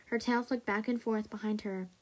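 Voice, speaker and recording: A woman's voice: mid-range voice, fairly even intonation, moderate pace. Woman reading a story aloud. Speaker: storytelling podcast host.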